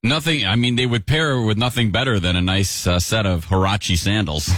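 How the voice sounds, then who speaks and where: A man's voice: lowish voice, moderate pace, a bit bright, dry recording, clean studio sound. Needling man on morning radio. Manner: needling, joking. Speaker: radio morning show co-host. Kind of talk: casual morning show banter.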